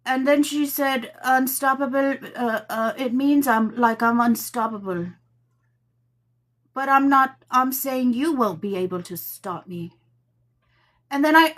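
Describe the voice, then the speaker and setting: A woman host chatting casually to her viewers, telling a story with animated quotes and laughter. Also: on the high side. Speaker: tarot channel host.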